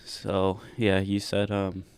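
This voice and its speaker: A young man with a very low voice chats on a podcast, wandering through his stories with "like" after every few words. His voice is close and dry, with no room sound around it. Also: completely flat delivery, slow pace, smooth, no echo. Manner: rambling, heavy use of "like" fillers. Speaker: podcast co-host. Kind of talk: casual chat.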